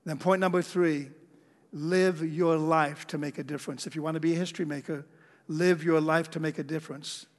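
A man's voice: fairly high pitch, steady tone, normal speed. A man preaching a sermon as pastor, talking conversationally and checking in with the congregation. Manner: conversational preaching, frequent "okay?" check-ins. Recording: long hall reverb.

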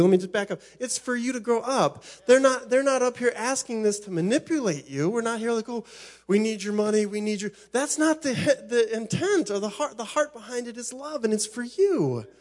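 A man's voice: very high voice, lively intonation, a little fast, few pauses. A middle-aged man preaching a sermon as pastor, impassioned, often repeating and restarting his phrases.

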